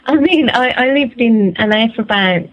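English woman, musician guest, fairly high voice, muffled lo-fi recording, chatty and laughing. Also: animated, moderate pace, noisy background. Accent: English Birmingham. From England. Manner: laughing, chatty, warm about accents. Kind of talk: casual interview chat.

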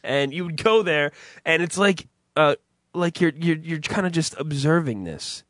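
A man's voice: fairly high pitch, lively intonation, moderate pace, fairly bright tone, dry recording, studio quality. A young man co-hosting a podcast in loose casual chat, rambling, swearing and laughing often. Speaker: podcast co-host.

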